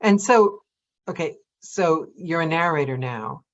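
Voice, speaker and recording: A woman's voice: low voice, animated, measured pace, highs cut off. Woman hosting an interview chat. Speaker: podcast host. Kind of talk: casual interview.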